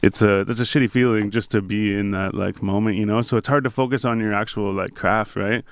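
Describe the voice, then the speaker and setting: Male podcast host, smooth dry voice. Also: fairly low pitch, steady tone, fairly quick, dry recording. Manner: loose, profane storytelling. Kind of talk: casual interview chat.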